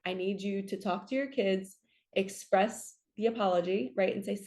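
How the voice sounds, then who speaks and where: A woman's voice: mid-range voice, moderate pace. A woman spiritual coach giving an earnest, chatty reading, often checking in with "right?" and acting out quotes in her stories. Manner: animated storytelling with acted quotes.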